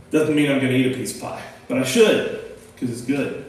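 A man's voice: mid-range voice, fairly quick. A man leading a casual Bible discussion in a folksy, emphatic way, often asking rhetorical questions. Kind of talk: casual Bible study talk. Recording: echoey room, distant mic, faint noise.

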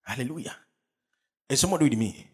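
A man's voice: mid-range voice, expressive, fast, darkish tone, breathy edge. A man preaching a fervent sermon, calling out to the congregation for responses. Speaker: pastor.

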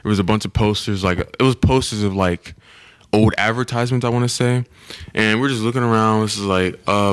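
A man's voice: fairly low pitch, steady tone, fairly quick, a bit bright, smooth, no echo. A young man co-hosting a casual podcast, telling a travel story in a laid-back, rambling way with frequent laughs. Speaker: podcast co-host.

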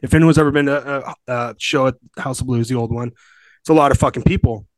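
A Southern California gym owner in his forties tells his story as a podcast guest, rambling, emphatic and profane. His medium-pitched voice stays fairly even as he talks fast, and there's no room sound in this casual storytelling.

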